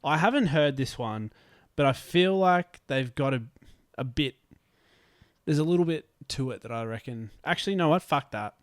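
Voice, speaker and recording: Aussie bloke, lively up and down voice, jokey swears, dry close mic. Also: male voice, fairly high pitch, moderate pace, no echo. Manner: joking, animated, swears casually. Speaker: podcast co-host. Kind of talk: casual chat.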